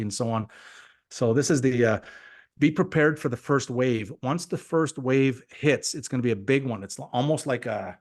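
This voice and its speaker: A man giving an energetic, motivational sales talk on a team call. He often repeats himself and acts out quoted conversations. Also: medium pitch, fast talker. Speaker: guest speaker on a team call. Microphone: call audio.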